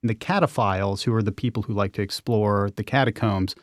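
A man's voice: lowish voice, fairly quick, no room sound, studio quality. A man, an urban explorer and author, telling vivid, enthusiastic stories as a guest on a radio interview.

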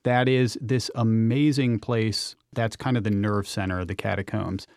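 A man's voice: on the low side, steady tone, normal speed, creaky, darkish tone, no echo, studio quality. A man, an urban explorer and author, telling vivid, enthusiastic stories as a guest on a radio interview.

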